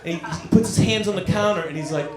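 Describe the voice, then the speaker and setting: A middle-aged man telling a stand-up story on a comedy club stage, animated and acting out the voices of the people in it. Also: high voice, fast, noisy background. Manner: animated, acts out quoted voices. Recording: roomy club with loud crowd. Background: audience laughter.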